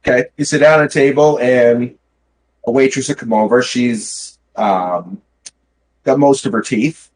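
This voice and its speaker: A man narrating a tabletop game as game master, relaxed and chatty with many fillers. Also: medium pitch, a little slow, a little hiss or hum, rough recording.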